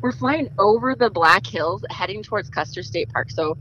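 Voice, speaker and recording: A woman telling a story in a casual, animated way, laughing and imitating the people in it. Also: medium pitch, normal speed, highs cut off, a little hiss or hum. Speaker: guest storyteller.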